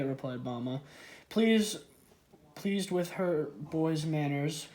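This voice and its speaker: A man's voice: fairly high pitch, slow pace, darkish tone. A man reading a children's storybook aloud, stumbling and correcting himself. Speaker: story reader.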